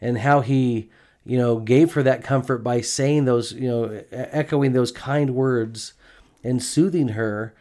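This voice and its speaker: A man's voice: mid-range voice, fairly even intonation, unhurried, a little mellow. A middle-aged man co-hosting a casual gospel discussion about marriage, earnest and chatty, often checking in with "right?". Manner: earnest, chatty, frequent "you know" and "right?". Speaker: podcast co-host.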